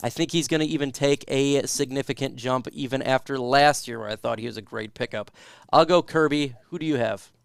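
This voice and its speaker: Man reading fan questions, crisp dry voice. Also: medium pitch, a little fast, dry recording. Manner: reads viewer questions aloud then answers. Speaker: podcast host reading live chat. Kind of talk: casual sports talk.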